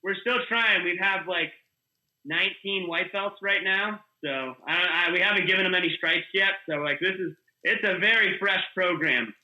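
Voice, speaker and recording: A man, a guest coach, telling animated stories with lots of fillers in a casual podcast chat. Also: high voice, moderate pace, rough recording. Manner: animated storyteller, filler-heavy. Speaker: guest, kids jiu-jitsu coach.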